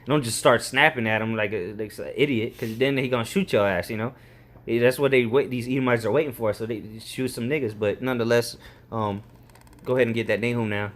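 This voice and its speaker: A man's voice: mid-range voice, fairly even intonation, brisk. A man giving loose, slangy commentary on scripture verses, ending his sentences with "man.". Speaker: street preacher.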